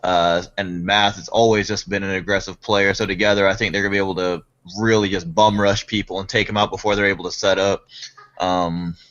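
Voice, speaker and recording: Man, lowish voice, earnest, halting, dull muffled call sound. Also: level tone, fairly bright tone. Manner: earnest, with frequent ums and restarts. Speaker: co-commentator. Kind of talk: casual gaming prediction chat.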